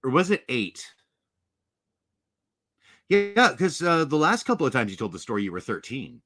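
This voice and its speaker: A man's voice: medium pitch, big pitch swings, moderate pace, a bit bright, faint music behind. A man hosting a commentary channel, mocking a clip in a sardonic way.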